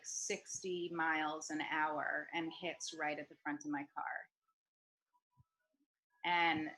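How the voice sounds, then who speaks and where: A woman's voice: low voice, bright, forceful tone, low-quality recording. A woman hosting an online group talk, telling a story with many ums and restarts. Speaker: host of a group discussion. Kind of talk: casual storytelling. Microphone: video call.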